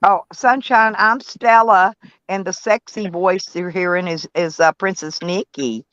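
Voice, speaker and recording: A woman's voice: fairly low pitch, unhurried, fairly bright tone, no room sound. A woman, chatting casually and rambling on a live stream. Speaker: van life live streamer. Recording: dull, dry lo-fi sound.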